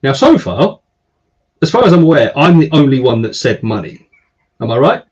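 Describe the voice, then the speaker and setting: A man hosting a casual live stream, chatting and giving viewers shout-outs. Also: mid-range voice, sing-song, moderate pace, husky. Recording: slightly dull stream audio.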